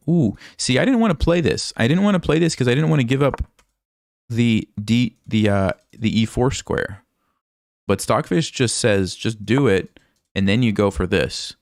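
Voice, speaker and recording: Low-pitched male chess coach, voice going hoarse; easygoing play-by-play, dry close mic. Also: no room sound. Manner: relaxed, thinks aloud, asks viewers questions. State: hoarse, losing his voice, coughing. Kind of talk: casual live game commentary.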